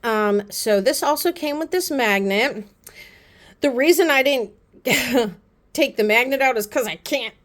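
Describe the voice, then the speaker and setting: A woman with a fairly high voice chats casually to her camera. She gushes and rambles, drifting into quick self-aware asides. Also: a bit bright. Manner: chatty and gushing, repeats "pretty" often. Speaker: beauty vlogger. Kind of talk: casual haul chat to camera.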